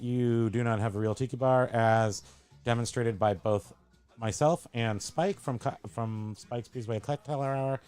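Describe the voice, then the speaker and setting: A man's voice: medium pitch, steady tone, measured pace, a little mellow, clean tone, faint music behind. A man hosting a casual show-and-tell chat at a home tiki bar, rambling and joking as he corrects himself. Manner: rambling, jokey, self-correcting. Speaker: host.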